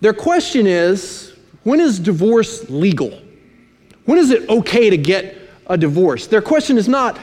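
A man preaching a sermon, emphatic, slowing to stress key phrases and dropping in dry asides. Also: sits high, big pitch swings, darkish tone. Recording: long hall reverb.

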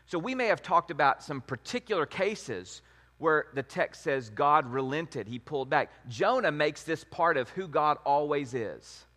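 A man giving a conversational sermon on scripture, with an animated, lively delivery that jumps up in pitch when he acts out quotes. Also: unhurried, big-room sound. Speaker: preacher.

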